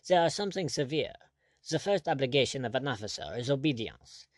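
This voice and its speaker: A man's voice: mid-range voice, expressive, fairly quick, no echo, lightly acted. A man reading the part of a haughty, irate French general with a bullying, imperious manner.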